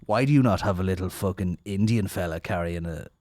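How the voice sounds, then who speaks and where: Sweary podcast host. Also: male voice, low-pitched, brisk, darkish tone, no echo, studio quality. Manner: sweary, rambling, mocking. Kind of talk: casual comedic storytelling.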